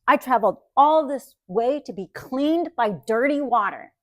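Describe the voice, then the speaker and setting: A woman's voice: high voice, animated, a little slow, a bit bright, no room sound, clean studio sound, voice pushed up. A woman voicing a proud, outraged male army commander, with a raised, indignant voice.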